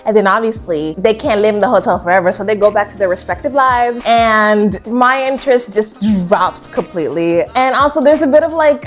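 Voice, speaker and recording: A young woman chatting casually about books she read, bubbly and quick to giggle. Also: mid-range voice, soft background music. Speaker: book reviewer. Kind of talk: casual chat. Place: home room with a bookshelf.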